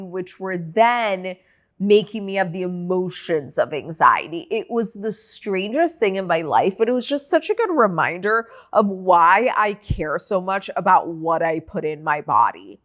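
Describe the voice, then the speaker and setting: A young woman hosting her own podcast in a casual solo chat. She talks candidly and animatedly, with plenty of "like"s and loose swearing, at a middle pitch. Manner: candid and animated, swears freely, many likes. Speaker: podcast host.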